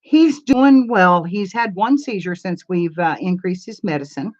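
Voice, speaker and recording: A woman's voice: fairly low pitch, animated, a little slow, a little mellow, dull audio. An older woman hosting a crafts channel, chatting in a rambling, homey way and answering viewers' comments on a live stream. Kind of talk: casual live-stream chat. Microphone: camera mic.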